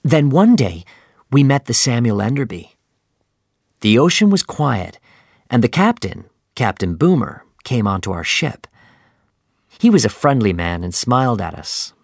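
A man narrating a simplified sea novel in a slow, clear, even storytelling manner. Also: medium pitch, dry recording, studio quality. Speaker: audiobook narrator.

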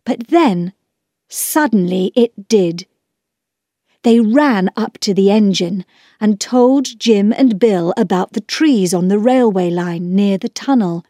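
A woman reading a children's storybook aloud, clear, measured and expressive. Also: medium pitch, no room sound, clean studio sound. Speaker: narrator.

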